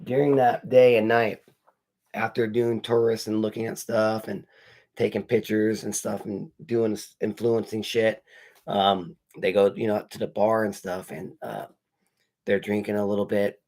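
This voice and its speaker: A movie reviewer with a lowish, fairly flat, somewhat slow and darkish voice casually recaps a horror film, spoilers included, while unboxing comics. He rambles and swears as he tells the story, quoting the characters' lines.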